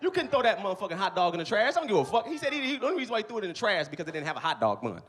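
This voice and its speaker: Male comedian, live club stage, animated storytelling, lively pitch swings, quick delivery. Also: slight background noise. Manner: loud, animated storytelling, swears a lot. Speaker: stand-up comedian. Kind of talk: stand-up comedy set.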